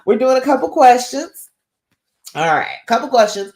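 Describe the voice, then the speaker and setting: Brief: woman relationship coach on a live stream, middle pitch, direct and frank, keeps asking "all right?", roomy echo on the voice. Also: sing-song, moderate pace. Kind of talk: live-stream advice talk.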